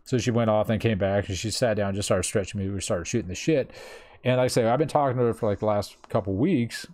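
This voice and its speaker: A man's voice: lowish voice, fast, darkish tone. A man in his thirties telling a personal story in casual chat, rambling with lots of fillers and swearing freely. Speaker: streamer.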